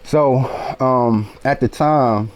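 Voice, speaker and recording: A man in his late forties telling a personal story in an animated, profane way, often checking in with his listeners. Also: mid-range voice, extremely slow. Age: 40s. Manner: animated, profane, keeps asking "you feel me". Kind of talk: casual storytelling.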